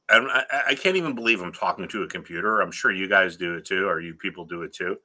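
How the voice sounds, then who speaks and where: A middle-aged man hosting a trading channel, telling a story in an exasperated, lively way before moving on to a stock lesson. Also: sits low, fast talker, hardly any pauses. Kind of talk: casual ranting vlog and trading lesson.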